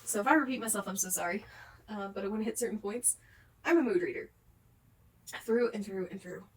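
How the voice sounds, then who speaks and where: A woman's voice: mid-range voice, brisk, recorded from a distance. A young woman ranting in a book vlog at home, rambling and swearing, worn out after a day of crying. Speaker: book vlogger. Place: home, with pets nearby.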